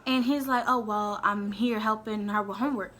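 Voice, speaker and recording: A woman's voice: medium pitch, fairly even intonation, normal speed, a bit bright. A young woman telling a candid, heated storytime straight to her viewers. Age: young adult. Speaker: vlogger. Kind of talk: storytime vlog.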